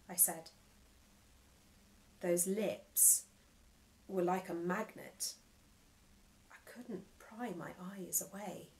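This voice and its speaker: A woman author giving an expressive, measured reading of her own novel. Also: fairly low pitch. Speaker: nominated author.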